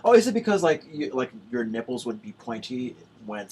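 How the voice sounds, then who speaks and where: A man's voice: medium pitch, very animated, dark tone, husky, poor audio. Young man, joking radio host. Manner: teasing, jokey, quick to laugh. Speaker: college radio interviewer. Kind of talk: casual on-air chat.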